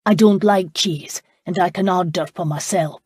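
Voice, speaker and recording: A woman's voice: fairly low pitch, normal speed, husky, dry recording. A woman voicing a surly, belligerent young Scottish man with a rolling brogue in an audiobook. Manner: belligerent, blunt, loud. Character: surly brawling Scottish man, duke's lost brother. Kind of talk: audiobook character voice.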